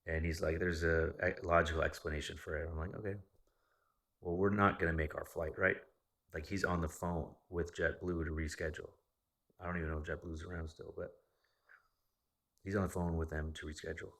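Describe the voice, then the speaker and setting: A young man with a low, fairly monotone voice tells a rambling personal story. His tone is bright and forceful, and he cusses freely as he retells what everyone said. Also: a little fast, gravelly. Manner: profane, animated retelling of a story. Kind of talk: casual storytelling.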